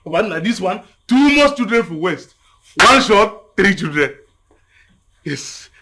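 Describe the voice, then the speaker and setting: A man's voice: sits high, a little slow, slight background noise, heavily acted. A young man with a Nigerian accent playing a brash, boastful son showing off his girlfriend in a film drama. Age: young adult. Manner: excited, boastful, loud slang.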